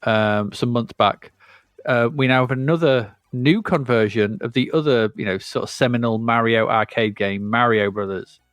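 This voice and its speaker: This man's voice is medium in pitch and a bit bright, moving at a moderate pace with no room sound at all. As a podcast co-host, he chats loosely about retro games, rambling along and often pausing to correct what he just said.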